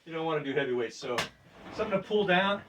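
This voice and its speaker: Sixties male, slightly high voice, easygoing and winded, heard from across a gym room. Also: expressive, fast. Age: 60s. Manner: chatty and loose, with repeated "right?" checks and soft laughs. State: breathing deeply during the workout. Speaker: fitness vlogger. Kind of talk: casual demonstration while exercising. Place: gym room among exercise machines. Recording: distant mic with faint background noise.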